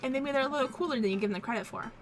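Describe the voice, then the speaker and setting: Frau spielt einen unbeholfenen Vater. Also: female voice, high-pitched, very fast, over music, pitched above the performer's own voice, close to an everyday voice. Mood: earnest. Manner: awkward, earnest, joking. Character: awkward, well-meaning middle-aged dad.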